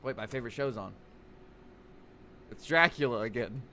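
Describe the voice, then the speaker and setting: A man's voice: medium pitch, normal speed, pushed and bright, a little hiss or hum. A man streaming live, joking and cursing while reading game text aloud and commenting on his play. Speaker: streamer playing a horror game.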